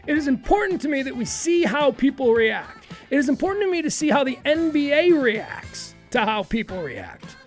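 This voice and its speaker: A woman hosting a talk radio show in a studio, opinionated and riffing quickly in casual commentary. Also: sits high, sing-song, faint music behind. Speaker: radio host.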